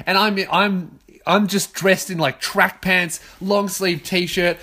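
A man in his twenties with an Australian accent hosts a solo podcast from his own bedroom. His voice sits a bit higher than most men's, and he swears constantly. He rants in loud, fired-up bursts. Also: fairly even intonation, slow pace. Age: 20s. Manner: profane, ranting, loud outbursts. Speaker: podcast host. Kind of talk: casual solo podcast rant.

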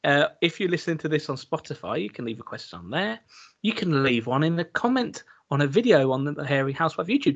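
A man's voice: on the high side, sing-song, a little fast, creaky, no echo. A man co-hosting a podcast in a playful, chatty way. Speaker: podcast co-host. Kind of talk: casual chat. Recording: dull lo-fi sound.

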